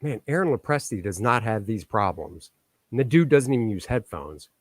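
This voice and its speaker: A man's voice: fairly low pitch, lively intonation, moderate pace, no echo, clean studio sound. A man hosting a live stream as a comic artist, chatting casually and muttering jokes while he fiddles with his microphone settings. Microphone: microphone on a stand.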